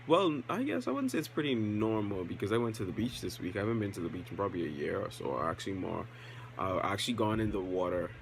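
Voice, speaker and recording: A young man talks to his camera in a low, easygoing voice, rambling and self-aware with plenty of ums. A faint hum of room noise sits under his voice. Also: poor audio. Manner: relaxed, rambling, self-aware, with many fillers. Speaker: vlogger. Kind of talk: casual vlog talk to camera.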